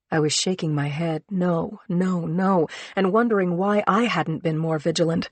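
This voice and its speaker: A woman with a lowish voice reads first-person audiobook narration in a measured, earnest way. The sound is close and dry. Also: a little mellow, no room sound.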